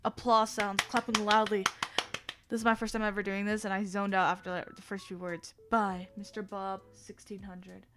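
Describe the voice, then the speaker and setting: A young adult woman streamer reading fan fiction aloud on a livestream, theatrical and lively, breaking off often to laugh and make asides. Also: medium pitch, normal speed, background noise.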